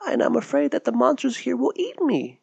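A timid little lost girl, voiced by a male storyteller, polite and tearful, her small voice pushed up very high and held soft and quiet. The pitch bobs and wavers in a lively way. It is a dry, close storybook reading. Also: fairly quick, gravelly, breathy edge, dry recording, lo-fi sound, heavily acted.

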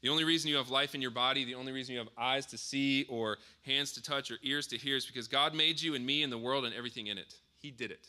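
A man in his thirties preaching, his voice very bright and forward. He talks to the congregation casually, slipping in fillers and restating his points as he goes. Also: mid-range voice, fairly even intonation, fast, few pauses. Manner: conversational, with frequent fillers and self-corrections. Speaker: pastor. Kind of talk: sermon.

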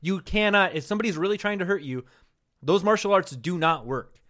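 A man's voice: sits high, expressive, brisk, fairly bright tone. A man co-hosting a casual comedy podcast, telling crude, profane stories and laughing often. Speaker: podcast co-host.

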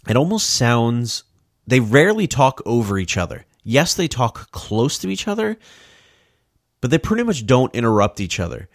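A man hosting a podcast in casual comedic chat, animated and mock-outraged, swearing freely. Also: mid-range voice, moderate pace, dry recording, clean studio sound. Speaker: podcast host.

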